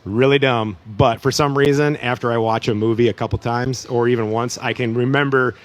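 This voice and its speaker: A middle-aged man co-hosting a church pre-show in casual chat, easygoing and quick to joke and laugh. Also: mid-range voice, steady tone, dull audio. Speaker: church pre-show co-host, youth leader.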